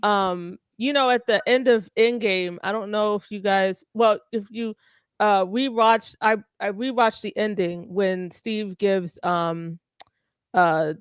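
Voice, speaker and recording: A woman's voice: medium pitch, steady tone, takes it slowly, clean tone, no echo, clean studio sound. A woman co-hosting a casual group chat, rambling and trailing off mid-thought.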